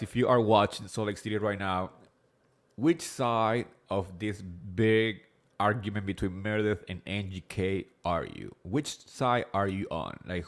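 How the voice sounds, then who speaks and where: Fast-talking man with an accent, lower voice. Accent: non-native English accent. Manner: fast and rambling, full of fillers like "like" and "um", swears freely. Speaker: host of a reality TV recap show. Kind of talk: casual live-stream chat.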